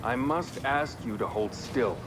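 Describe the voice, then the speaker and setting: A man's voice: medium pitch, measured pace, lightly acted. A man voicing a dry, sardonic male physician in a video game, speaking with precise, wry diction. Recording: game audio under steady noise.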